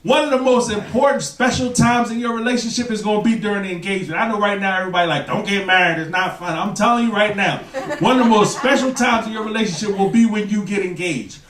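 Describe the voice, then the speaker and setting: Heard from far off, a man with a high-pitched voice rattles through a stand-up routine at a quick pace. He talks to the audience and imitates his targets, while the roomy club's loud crowd laughs and claps.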